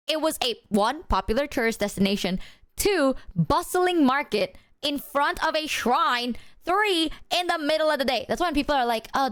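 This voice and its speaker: A young woman streamer telling a story to her chat in a casual, animated way, full of "like" and the odd swear word. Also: sits high, dry recording, clean studio sound. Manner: animated, chatty, heavy filler "like", swears.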